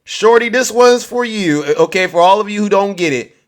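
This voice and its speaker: Guy with a high voice going off on his livestream, mocking and loud. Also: animated, moderate pace. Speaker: livestream host. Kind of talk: political livestream commentary.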